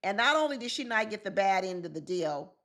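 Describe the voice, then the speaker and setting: A woman's voice: medium pitch, sing-song, fairly quick, a bit bright. A woman commenting on celebrity news in a casual vlog, talking straight to her viewers and laughing often. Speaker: relationship coach and commentator.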